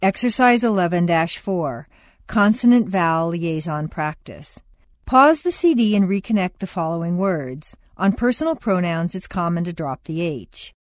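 Woman, instructional reading, lively rising-falling pitch, dry close sound. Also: no room sound. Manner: clear, measured announcing of headings and rules. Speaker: narrator of an accent lesson.

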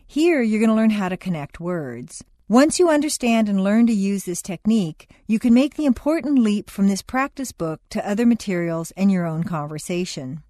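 A woman reading a training lesson aloud in a clear, measured way. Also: medium pitch, darkish tone, no room sound, clean studio sound. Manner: clear, measured announcing of headings and rules. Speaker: narrator of an accent lesson. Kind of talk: scripted instructional reading.

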